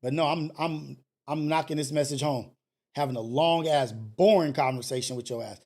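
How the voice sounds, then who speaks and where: A man hosting a live call-in stream, talking casually and preachily, swinging between loud scolding and low murmurs. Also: moderate pace. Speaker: host of a live call-in show.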